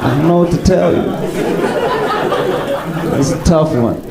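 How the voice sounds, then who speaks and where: A male stand-up comedian telling stories with animated swings up into excited bits, on a comedy club stage. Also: unhurried, vocal fry, echoey room, a loud crowd, rough recording. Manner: animated storytelling, jumps up high into excited bits.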